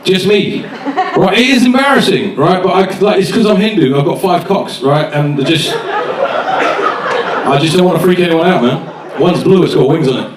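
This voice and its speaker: Stand-up comic in an echoey venue. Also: male voice, high-pitched, animated, measured pace, a crowd in the background. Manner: chatty, swearing, acts out scenes. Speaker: stand-up comedian. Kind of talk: stand-up set. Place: comedy club stage with live audience. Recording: echoey venue, distant mic, faint noise.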